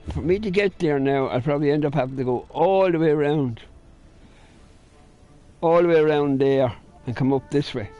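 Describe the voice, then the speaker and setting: A man's voice: fairly high pitch, moderate pace, dark tone, no echo, lo-fi sound, faint music behind. A man giving casual let's-play commentary, grumbling and swearing under his breath as he plays. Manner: grumbling, swearing, muttered asides. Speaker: gamer.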